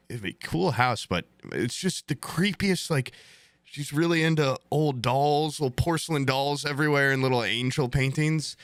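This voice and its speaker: Young male podcast host, bright and tense voice, rambling casual storyteller. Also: medium pitch, moderate pace, no room sound. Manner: rambling, filler-heavy, swears.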